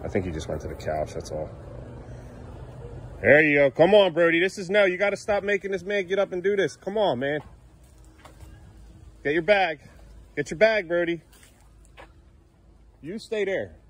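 In a casual kitchen vlog shot on a handheld camera pointed at himself, a dad playfully chats with and coaxes his small sons. His voice is high-pitched, expressive and fairly bright with a breathy edge, moving at normal speed but pausing often.

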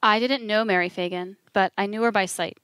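A woman reading an audiobook, voicing an elderly soft-spoken Southern man who is gentle and tired, in a subdued, quiet delivery with a Southern accent. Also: mid-range voice, fairly even intonation, brisk, clear, resonant tone, no room sound, close to an everyday voice. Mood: weary, earnest.

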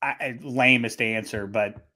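A man talking football as a guest in a casual chat, animated and quick to slip into playful impressions. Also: medium pitch. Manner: animated, quick to put on silly voices and impressions. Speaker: guest analyst.

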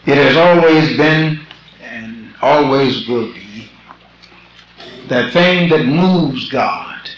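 An older man preaching a sermon as a bishop, slow and rhythmic, repeating phrases and breaking into shouts. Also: mid-range voice, expressive. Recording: lo-fi old tape in an echoey church.

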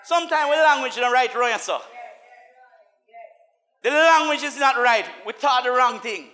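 A man preaching a sermon as a minister, mixing laughing asides with chanted, call-and-response lines and swinging from soft talk to shouts. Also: extremely high pitch, normal speed.

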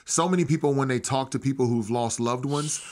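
Man, podcast guest, earnest, heartfelt, slangy, restarts often, mid-pitched voice. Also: a little fast, a little mellow. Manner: slangy and familiar, calling the hosts bro. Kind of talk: casual interview conversation.

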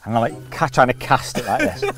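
A regular on a carp fishing show tells a long, funny fishing anecdote, laughing often and acting out the other voices. His voice is mid-range and his pace fairly quick.

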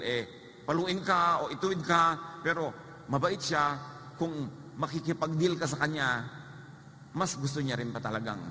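A man's voice: fairly high pitch, pushed and bright. A man with a Filipino accent preaching a sermon, telling stories animatedly, acting out the quoted voices and adding humorous asides. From Philippines. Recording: reverberant hall with faint noise.

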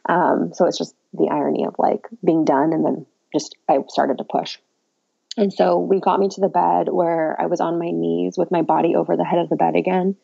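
A woman shares a birth story as a podcast guest. Her voice is low, mellow and gravelly, and she talks in a candid, chatty way with a wry, self-mocking edge. The audio is dull and lo-fi. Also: steady tone, normal speed. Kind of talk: casual birth story telling.

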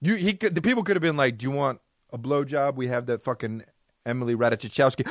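A man's voice: mid-range voice, quick pace, dry recording, clean studio sound. A man hosting a podcast, reacting comedically to a clip, swearing freely and mimicking what he hears. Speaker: podcast host.

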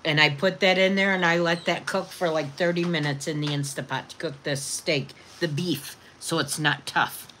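Female livestream host, lowish bright voice, unhurried, affectionate with her viewers. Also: fairly even intonation, slight background noise. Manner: affectionate, reads viewer comments aloud; chatty recipe explaining. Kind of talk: casual livestream chat.

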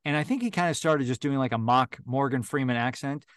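A man's voice: mid-range voice, fairly quick, a bit bright, no room sound, clean studio sound. A man who narrates audiobooks, chatting casually as a video call guest, with lots of fillers and restarts. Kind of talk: casual interview chat.

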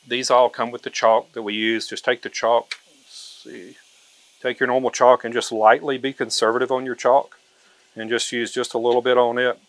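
A man's voice: mid-range voice, a bit bright, no echo. A man giving a hands-on tutorial, talking in a folksy, practical way and often repeating himself. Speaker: turkey call maker demonstrating.

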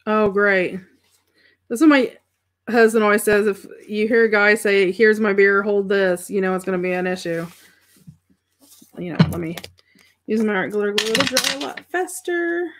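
A woman's voice: medium pitch, moderate pace, pauses often. A middle-aged woman hosting a crafting livestream, thinking aloud as she works and chatting with viewers about their comments. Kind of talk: casual craft demonstration chat.

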